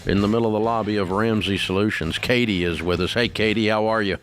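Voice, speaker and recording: A man's voice: fairly low pitch, steady tone, fast talker, music in the background. A middle-aged man hosting a radio talk show, upbeat, encouraging and folksy with callers. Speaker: host.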